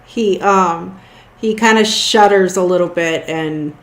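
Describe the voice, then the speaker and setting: A woman runs a tabletop horror game, narrating slowly and hesitantly with fillers. Her voice sits mid-range. The room gives it a roomy echo. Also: lowish voice. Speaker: game master.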